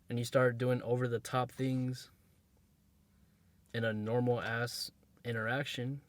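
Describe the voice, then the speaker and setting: Dude giving straight-up dating advice, slangy, blunt, keeps repeating stuff, regular mid voice. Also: male voice, mid-range voice, flat delivery, unhurried, pauses often, dry recording. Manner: blunt, emphatic, drills points by repetition; slangy, streetwise phrasing. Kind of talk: casual advice monologue to camera.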